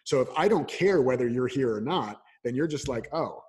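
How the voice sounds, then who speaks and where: A man's voice: medium pitch, a little fast, slightly rough. A man answering interview questions as a coach, telling stories and acting out little exchanges. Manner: animated storyteller, acts out voices. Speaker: coach, podcast guest. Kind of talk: casual interview conversation.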